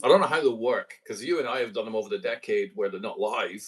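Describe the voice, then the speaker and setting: A man co-hosting a casual podcast with a somewhat low voice. He chats in a relaxed, easygoing way. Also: fast. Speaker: podcast co-host. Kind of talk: casual chat.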